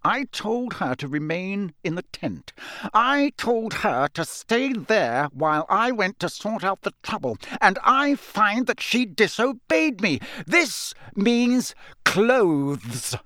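A man's voice: sits high, big pitch swings, bright, forceful tone, no echo, clean studio sound, voice pushed up, exaggerated voice. A man reading a cold, pitiless older official. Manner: slow, cold and clipped.

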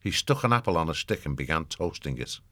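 Man reading a storybook, low voice, dry close sound. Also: big pitch swings, fast talker, sharp tone, no room sound. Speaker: narrator. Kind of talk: scripted narration.

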